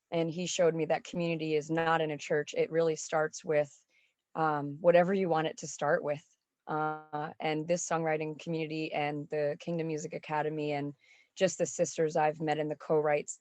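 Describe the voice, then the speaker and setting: A middle-aged woman speaks a heartfelt, tearful testimony of faith. Her voice sits low and stays even in pitch. The sound is dry and close. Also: no room sound. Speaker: songwriting program member giving a testimonial. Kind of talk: emotional spoken testimonial.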